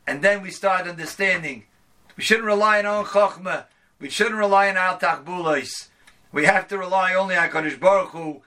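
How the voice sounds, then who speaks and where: A man's voice: high-pitched, normal speed, sharp tone. A man teaching a Torah class as a rabbi, speaking emphatically. He quotes a verse in the original and then explains it in his own words. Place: online class.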